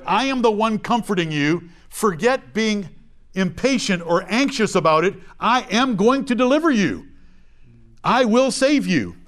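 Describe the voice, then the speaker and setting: A man's voice: high voice, lively intonation, unhurried, a bit bright. A man leading a verse-by-verse Bible study, reading old scripture aloud and then explaining it in plain everyday talk, acting out small examples as he goes. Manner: acts out little voices and examples. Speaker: Bible teacher.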